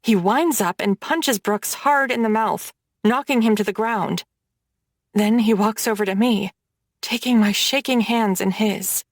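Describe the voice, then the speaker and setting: Slow, dry-voiced woman audiobook narrator. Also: mid-range voice, no echo. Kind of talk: first-person romance narration.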